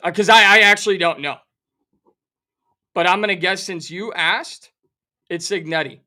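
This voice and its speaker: A man's voice: high voice, moderate pace. Fired-up man ranting as sports host. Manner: animated, sarcastic, theatrical outrage. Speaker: sports talk show host. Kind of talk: fired-up sports betting rant.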